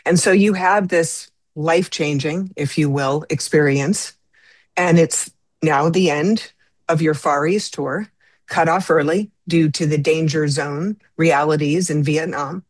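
A woman's voice: deep voice, unhurried, dry recording. Stammering, effusive woman interviewer. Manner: effusive, stammering, sympathetic questioning. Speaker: interviewer host.

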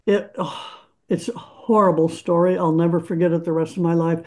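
A woman's voice: fairly low pitch, steady tone, a little mellow. An older woman, a musician, earnestly recounting a painful memory in an interview. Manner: earnest, emotional, deliberate recounting. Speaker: musician guest. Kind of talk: personal storytelling interview.

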